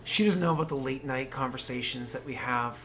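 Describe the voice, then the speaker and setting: A man from the United States running a tabletop game, chatting and joking with his players in a rambling, animated way. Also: mid-range voice, a little fast, soft background music. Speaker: game master.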